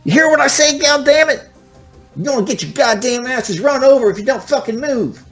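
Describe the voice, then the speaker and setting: A man doing a furious, cursing driver, shrill and shouted. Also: animated, fairly quick, husky, soft background music, full character voice. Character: panicked, foul-mouthed man yelling from a car.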